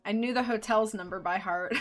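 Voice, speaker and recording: A woman's voice: medium pitch, moderate pace, soft background music. A woman streamer reading a book aloud live and chatting in giggly, rambling asides.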